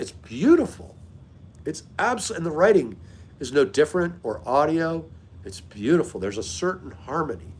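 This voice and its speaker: Husky chatty livestream host, a man. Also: mid-range voice. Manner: chatty, greets viewers by name, off-the-cuff. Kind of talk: casual chat with live viewers.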